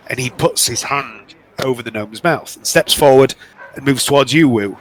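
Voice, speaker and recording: Bright-voiced casual game master. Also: male voice, mid-range voice, normal speed, a little hiss or hum, low-quality recording. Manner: casual and chatty, many fillers. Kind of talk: narrating a tabletop game.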